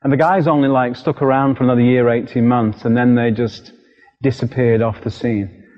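A middle-aged British man preaching a sermon, telling a personal story in an animated, vivid way. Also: mid-range voice, normal speed. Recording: dull lo-fi recording with long hall reverb.

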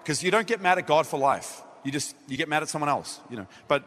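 Bright-voiced Australian man preaching. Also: fairly high pitch, fast. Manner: animated storytelling, acting out his own dialogue. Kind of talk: sermon. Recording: echoey hall.

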